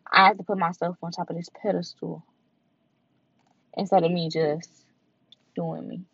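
A woman's voice: lowish voice, flat delivery, normal speed, gravelly, fairly bright tone, slightly rough, no room sound. A woman vlogger talking in a candid, heartfelt freestyle monologue, repeating herself as she goes. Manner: candid, heartfelt, repetitive and conversational. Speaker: vlogger and podcaster. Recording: dull lo-fi recording.

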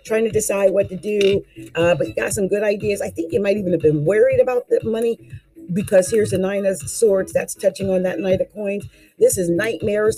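A tarot reader talks through a casual card reading with lively, swooping pitch and plenty of exclamations. The delivery is folksy and coaching, aimed straight at the listener, with faint music underneath. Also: poor audio.

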